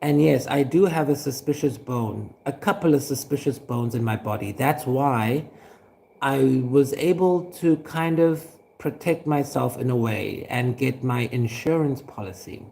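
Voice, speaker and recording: An actor playing a suspicious, aggrieved former teacher who rambles with fillers and chuckles. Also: male voice, mid-range voice, measured pace, gravelly, dark tone. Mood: rambling aggrieved. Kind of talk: scripted monologue.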